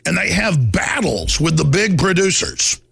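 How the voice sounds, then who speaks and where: A middle-aged man hosting a talk show, delivering an impassioned monologue with emphatic swings from quiet storytelling to loud defiance and acting out the people in his stories. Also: fairly high pitch, very animated, a little slow, gravelly, husky. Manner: acts out quoted people in the stories.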